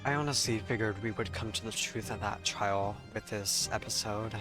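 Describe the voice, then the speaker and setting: A man streaming a story game, chatting casually as he thinks aloud, over loud game music. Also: on the low side, normal speed. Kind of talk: game commentary.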